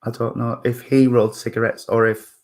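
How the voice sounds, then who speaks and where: Hesitant, gentle male spiritualist medium. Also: medium pitch, level tone, fairly quick. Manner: hesitant, full of fillers and restarts, apologetic, chuckling. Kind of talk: mediumship demonstration at a church service.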